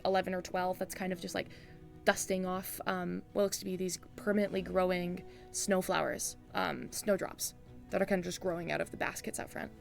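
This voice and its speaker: A woman's voice: lowish voice, level tone, a little fast, gravelly, soft background music. A woman running a tabletop game, describing scenes to her players in a loose, casual way with many "um"s and "like"s. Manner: casual descriptive narration full of "um" and "like". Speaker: game master.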